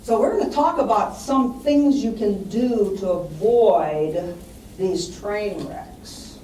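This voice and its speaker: A woman's voice: medium pitch, slow, warm tone, slight background noise. Woman telling stories in an echoey room. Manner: storytelling, acts out quoted voices. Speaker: estate planning speaker. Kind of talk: public talk with anecdotes. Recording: distant mic in roomy hall, faint ambience.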